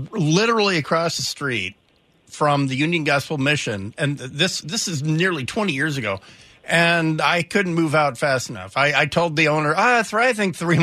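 A middle-aged man hosting talk radio, with a bright, forceful voice that sits somewhat high. He jokes wryly and trips over his restarts. The studio sound is dry, with faint music behind him. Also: no echo. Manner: wry, joking, with stammered restarts. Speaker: radio talk show host. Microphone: studio microphone.

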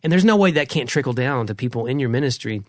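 Middle-aged man, ministry leader, casual chat, reflective, restarts sentences, average pitch. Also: animated, quick pace, dry recording, studio quality. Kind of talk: casual faith conversation.

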